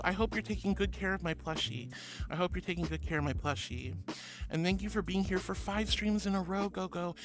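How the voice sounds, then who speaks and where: A man's voice: high voice, fairly bright tone. A man streaming live, reading chat aloud and playfully calling viewers honey and sweetie. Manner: playful and giggly.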